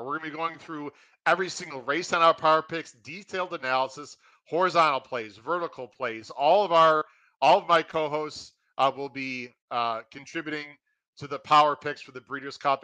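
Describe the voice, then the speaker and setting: A man hosting his racing podcast, excitedly welcoming listeners and running through promotions in an energetic, pumped-up way. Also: on the high side, brisk, no room sound, rough recording. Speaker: podcast host.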